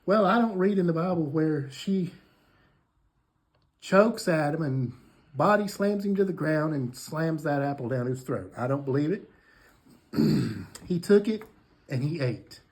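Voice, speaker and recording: A man giving a folksy, animated devotional, retelling the story in a homespun, conversational way. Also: on the high side. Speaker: devotional speaker.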